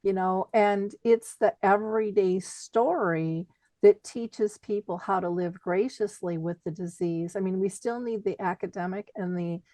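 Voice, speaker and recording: A woman hosts a conversational interview in an animated, expressive way and laughs easily as she talks. Her voice sits in a middle pitch and is recorded dry and close, with no room sound. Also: measured pace, no echo. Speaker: podcast host.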